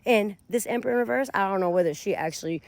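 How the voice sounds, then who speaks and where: A woman's voice: medium pitch, quick pace, gravelly, no room sound. A woman giving a casual tarot reading, talking straight to her viewers. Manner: animated, addresses viewers directly. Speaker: tarot reader.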